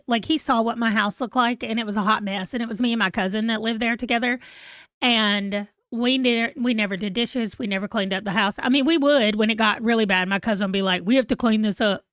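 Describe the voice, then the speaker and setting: A woman's voice: fairly high pitch, brisk, a bit bright, no room sound, clean studio sound. A woman in her forties, chatting casually and rambling to viewers on a live stream. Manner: rambling, chatty, self-deprecating. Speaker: book vlogger.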